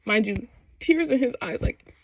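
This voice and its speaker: A woman chatting excitedly through a show recap, slangy and quick to laugh. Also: on the high side, vocal fry, no echo. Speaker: vlogger.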